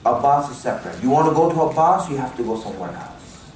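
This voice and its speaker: A man's voice: mid-range voice, expressive, quick pace, a little hiss or hum. A man preaching a sermon in an earnest way, repeating lines for emphasis and calling his listeners his friends. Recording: very echoey hall, mic at a distance.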